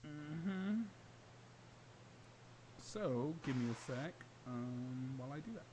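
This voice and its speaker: Man, podcast host, casual chat, upbeat, chatty, medium pitch. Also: expressive, slow, dark tone, low-quality recording. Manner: upbeat and chatty, laughs often. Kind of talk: casual chat while setting up a livestream.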